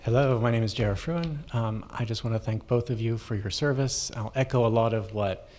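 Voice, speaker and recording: A man's voice: medium pitch, a little fast, a little mellow, slight background noise. A man giving sincere, plainspoken thanks at public comment in a community hall.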